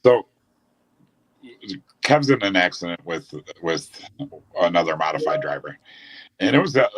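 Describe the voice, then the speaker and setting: A deep-voiced man recalls his years running a racetrack. He talks in a loose, rambling way, doubling back on his words as he shares stories in a relaxed chat. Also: husky, low-quality recording. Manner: rambling, with restarts. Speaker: former speedway owner. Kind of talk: storytelling in a casual chat.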